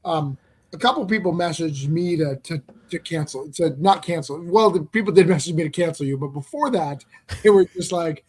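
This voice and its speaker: A man's voice: fairly high pitch, moderate pace, a little mellow, slightly rough. A man as a podcast guest, chatting casually and explaining things carefully, with frequent stammers and restarts. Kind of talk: casual chat.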